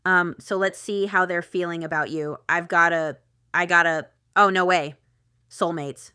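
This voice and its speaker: A woman giving a casual tarot reading, chatty and excitable, thinking aloud with lots of fillers. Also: fairly low pitch, moderate pace, clean tone, no room sound, studio quality. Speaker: tarot reader.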